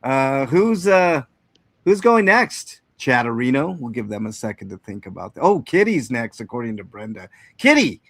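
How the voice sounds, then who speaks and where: A man's voice: medium pitch, very animated, moderate pace, no echo. A man hosting a live stream, rambling casually and reading out chat with self-mocking humor. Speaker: stream host.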